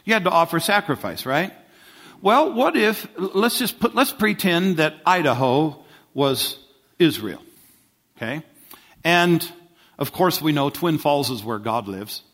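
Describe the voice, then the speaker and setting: A man's voice: fairly high pitch, big pitch swings, measured pace, a bit bright. A man preaching a sermon in a conversational way, often asking the congregation questions. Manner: conversational, asks the congregation questions, many restarts.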